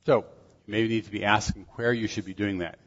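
Older guy preaching, earnest and steady, lowish voice, long echo like a big church. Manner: earnest, measured, self-deprecating asides. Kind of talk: sermon. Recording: dull audio with long hall reverb.

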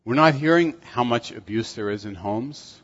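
An older man delivering a sermon in an earnest, measured way, with self-deprecating asides. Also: medium pitch. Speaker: preacher. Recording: dull audio with long hall reverb.

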